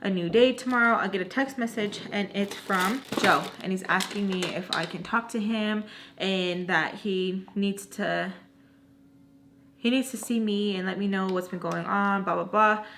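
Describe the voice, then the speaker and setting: Storytime vlogger, woman with a mid-range voice, chatty and animated. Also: medium pitch, moderate pace, a little hiss or hum. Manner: animated, acts out quoted dialogue; rambling, self-correcting asides. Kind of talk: casual storytime retelling.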